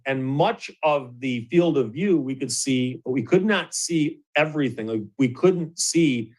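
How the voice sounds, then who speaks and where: A middle-aged man from Michigan with a slightly high voice, hosting and telling a long story. He talks casually and animatedly, chuckles often, and restarts his sentences as the story builds. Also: poor audio. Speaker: host.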